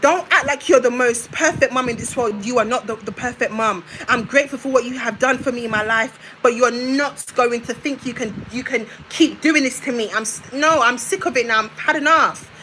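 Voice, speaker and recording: A woman's voice: on the high side, a little fast, few pauses, pushed and bright, slight background noise, poor audio. A young woman on a live stream, ranting in a confrontational way and hammering her points home with repetition. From United Kingdom. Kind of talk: heated live-stream rant.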